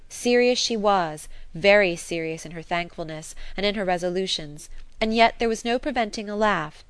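Female audiobook narrator, measured, lowish voice, dry close sound. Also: fairly bright tone, smooth, no room sound. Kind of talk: scripted narration.

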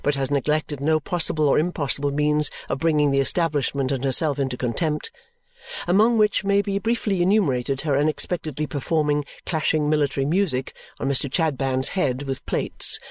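Male audiobook narrator, steady and clear, slightly higher pitch, dry studio sound. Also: dry recording. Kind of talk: scripted narration.

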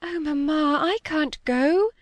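A woman's voice: high-pitched, slow, dry recording, voice pushed up. A woman reading aloud and voicing an earnest, distressed young girl who pleads in an upset, tearful way. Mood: pleading.

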